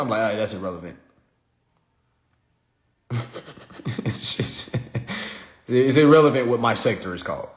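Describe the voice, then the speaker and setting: A man hosting a live stream, ranting in a casual comedic way, profane and animated, and laughing often. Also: high voice, echoey room.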